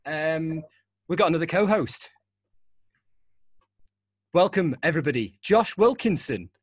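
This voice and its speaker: A man's voice: a little high, animated, unhurried, slightly rough, no echo. A young man hosting a podcast, chatting casually, rambling and laughing often. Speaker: podcast host. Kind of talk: casual chat.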